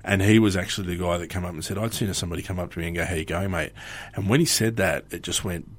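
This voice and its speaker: A man's voice: low voice, fairly even intonation, very fast. An Australian man in his forties hosting a podcast, chatting casually and rambling, acting out quoted phrases. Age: 40s. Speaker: podcast host. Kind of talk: casual chat.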